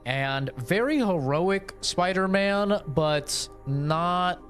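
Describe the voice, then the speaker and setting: A man's voice: high-pitched, drawn-out words, soft background music. A young man streaming a game, swearing a lot and ranting in casual commentary. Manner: swearing, excitable, rants loudly.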